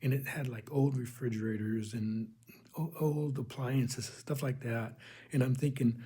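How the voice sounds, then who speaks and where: A man's voice: mid-range voice, normal speed, dark tone, slightly rough. A man earnestly telling his personal faith testimony, rambling and calling his listeners "folks". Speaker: religious channel host.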